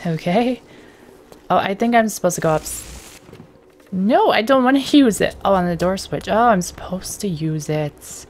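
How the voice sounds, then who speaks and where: A woman's voice: medium pitch, animated, moderate pace, darkish tone, slight background noise. Jittery young woman narrating her gameplay. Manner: talks to herself, jittery and reactive. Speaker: gameplay streamer. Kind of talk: casual let's play commentary.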